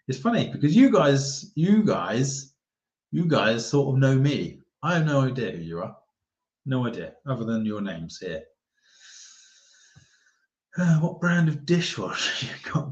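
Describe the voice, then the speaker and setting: A man's voice: mid-range voice, big pitch swings, moderate pace, darkish tone. A man chatting casually on a live stream as a golf YouTuber, rambling and reading viewer comments aloud. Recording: roomy, dull lo-fi sound.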